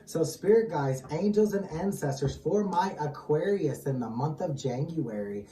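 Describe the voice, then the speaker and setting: A tarot channel host leading a reading, calm and steady, repeatedly calling on guides, angels and ancestors. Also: mid-range voice, unhurried, slight background noise. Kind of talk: tarot reading, casual chat. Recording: echoey distant mic with music underneath.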